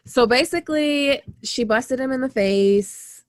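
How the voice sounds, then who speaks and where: Animated woman co-hosting a book podcast. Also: high voice, a little slow, dry recording, clean studio sound. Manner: animated, swearing, acting out quotes. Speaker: podcast co-host. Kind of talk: casual book discussion.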